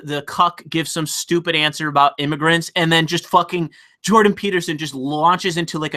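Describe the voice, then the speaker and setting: A man hosting a livestream, ranting profanely and excitably while reading chat donations aloud. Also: fairly high pitch. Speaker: livestream host. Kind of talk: casual livestream rant.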